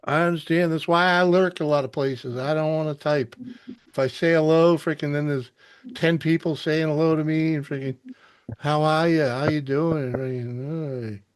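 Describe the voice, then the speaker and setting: A man's voice: a little high, steady tone, moderate pace, smooth, dry recording. A man hosting a casual livestream chat in a laid-back way, often filling his talk with "freaking". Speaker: stream host.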